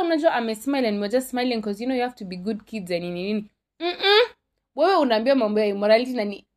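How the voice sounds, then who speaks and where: A young woman with a Kenyan accent tells a personal story in a slightly high voice. She is dramatic and exclamatory and keeps switching languages in mid-sentence. It sounds like a storytime vlog. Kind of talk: animated storytime.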